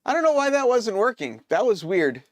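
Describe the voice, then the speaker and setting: A man hosting a casual live stream, thinking aloud as he troubleshoots and answers viewers' chat with hesitant, halting phrasing. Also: sits high, sing-song, no room sound, clean studio sound. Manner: hesitant, many fillers and restarts.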